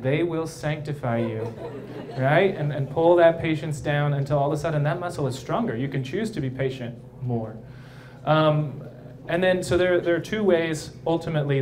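Brief: male priest, casual live talk, playful and chatty, slightly high voice, faint room ambience. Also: darkish tone, a little hiss or hum. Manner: playful, conversational, keeps asking "right?". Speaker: priest speaking at a young adult event. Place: brewery, live audience.

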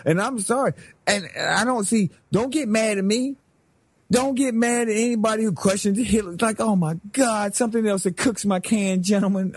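A middle-aged man hosting a talk radio show, ranting in a slangy, animated way. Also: high voice, no echo. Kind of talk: heated talk-radio rant.

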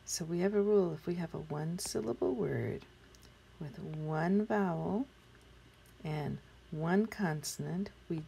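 A woman's voice: fairly low pitch, unhurried, gravelly, warm tone, slight background noise. A woman teaching a spelling lesson to young children, patiently sounding out words and asking the class questions, sometimes dropping into a whisper. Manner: sometimes drops into whispers while writing.

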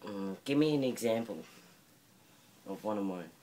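A man's voice: fairly low pitch, animated, moderate pace, mellow. An Australian man chatting on his sister's vlog, offhand and joking, often mumbling. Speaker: vlog guest, brother. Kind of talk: casual chat.

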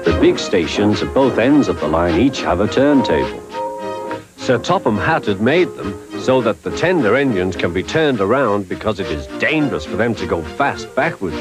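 Man storyteller, low voice, lively melody, storybook narration over music. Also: normal speed. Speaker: storyteller host. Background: background music.

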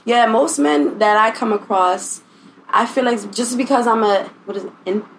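A woman's voice: fairly high pitch, normal speed, slight background noise, low-quality recording. A young adult woman from Upstate New York, a podcast guest and singer, chatting casually in slangy speech and laughing often. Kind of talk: casual chat.

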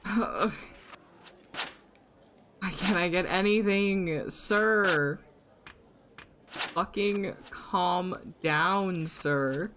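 Low-voiced, exasperated woman streamer. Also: drawn-out words, pauses often, background noise. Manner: exasperated, profane ranting at the game; talks to her chat audience. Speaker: streamer playing a video game. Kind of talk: casual live-stream commentary.

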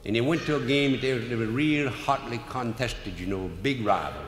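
A man with a Cajun accent tells comic stories live in a folksy, drawling way, at a middling pitch. His voice rings in a roomy hall with a long reverb tail and faint noise behind. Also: a little fast. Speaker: humorous storyteller.

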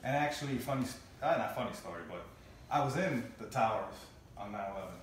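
A man appearing as a guest chef, telling his story in a casual, measured way. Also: mid-range voice, animated, a little hiss or hum. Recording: echoey room from far off.

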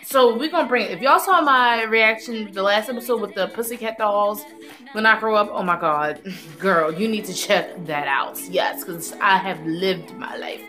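A woman vlogger giving excited reaction commentary, exclaiming and talking back to the screen as she watches. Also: mid-range voice, moderate pace, soft background music. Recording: echoey room, mic at a distance.

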